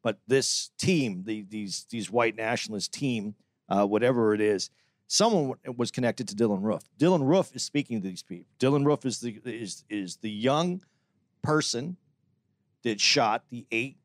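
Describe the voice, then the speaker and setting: A man's voice: medium pitch, lively intonation, moderate pace, dry recording, studio quality. Earnest man arguing a point on a podcast. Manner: earnest, argumentative, many restarts. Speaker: podcast co-host. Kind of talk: casual podcast discussion.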